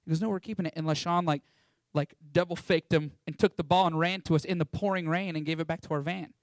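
A young man tells a story to an audience in an animated, playful way, switching into the voices of the people he describes. His voice sits slightly high for a man. The sound is dry and close, with little room reflection. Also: a little fast, no room sound. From Texas. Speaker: ministry school student sharing a testimony.

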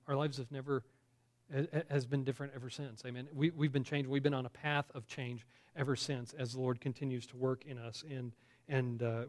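A man with a mid-range voice preaches a conversational sermon, putting questions to the congregation. His delivery is full of fillers and restarts.

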